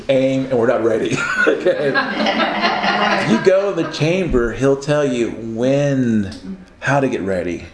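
Male preacher, conversational teaching sermon, animated and playful, mid-range voice in a roomy space. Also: medium pitch, a little hiss or hum. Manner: animated, acts out quoted voices, laughs often.

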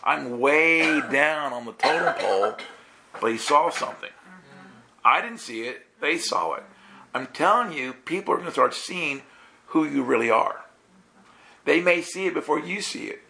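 A man preaching a lively sermon to listeners, telling stories with laughter and acting out the voices of the people in them. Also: a little high, moderate pace, vocal fry. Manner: animated, laughing, acts out quoted voices.

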